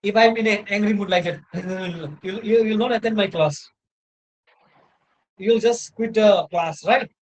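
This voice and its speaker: A man's voice: high voice, measured pace, poor audio. Indian guy teaching a class over his laptop mic, lots of you know and right?. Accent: Indian English. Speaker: university lecturer. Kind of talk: online lecture. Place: indoors at a laptop, video lecture. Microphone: laptop microphone.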